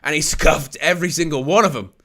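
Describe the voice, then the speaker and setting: Young male watch-along commentator with a bright, slightly high voice. Excitable on big chances. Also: brisk. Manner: excitable, rises to shouts at near misses. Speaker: live match commentator and channel host.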